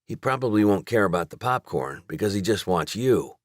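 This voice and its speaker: A laid-back, teasing older brother, voiced by a male narrator. His deep voice stays relaxed and friendly. The sound is dry and close. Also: fairly quick, no echo, close to an everyday voice. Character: man, her easygoing older brother.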